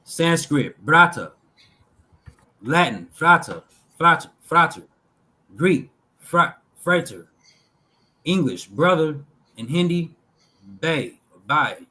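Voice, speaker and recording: A man slowly reading lists of words aloud from a text, pausing between each item in a measured way. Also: a little high, sing-song, pushed and bright, poor audio. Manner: slow, measured reading with pauses between list items. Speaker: talk show host reading linguistic examples.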